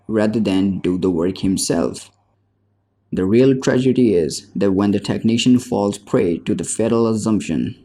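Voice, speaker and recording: A man narrating a business book as an audiobook in a measured, steady reading. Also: lowish voice.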